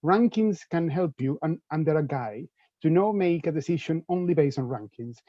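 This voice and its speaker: A man's voice: a little high, lively intonation, moderate pace, warm tone, dry recording, lo-fi sound. A man from Venezuela with a Venezuelan Spanish accent, giving an enthusiastic presentation on studying in the UK and repeating words as he goes. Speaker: presenter for UK universities. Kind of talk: enthusiastic info-session talk.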